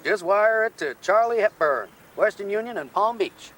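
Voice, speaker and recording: An actor playing a smooth-talking con man who puts on a folksy manner for phone scams. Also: sits high, lively intonation, moderate pace, a bit bright. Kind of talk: TV crime drama acting.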